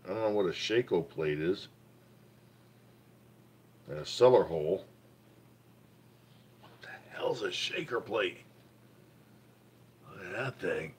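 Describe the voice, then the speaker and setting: A man's voice: sits low, lively intonation, a little slow, long pauses, a little mellow, slight background noise. A man hosting a casual livestream, reading out finds from a magazine and greeting viewers, with an enthusiastic manner. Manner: enthusiastic, repeats praise, greets chat viewers. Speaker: livestream host.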